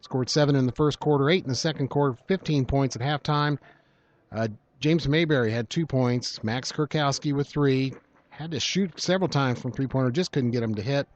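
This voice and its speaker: A man calling a high school basketball game, rattling off stats and teasing his partner. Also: muffled recording. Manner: teasing banter, brisk stat rundowns. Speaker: basketball play-by-play announcer. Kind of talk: live game commentary.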